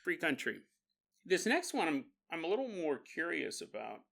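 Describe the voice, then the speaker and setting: A man hosting a podcast, telling a comic monologue with frequent laughs and quick acted-out voices. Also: fairly high pitch, big pitch swings, creaky, fairly bright tone. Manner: jokey, laughs often, acts out little voices. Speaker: podcast host. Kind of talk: comedic monologue.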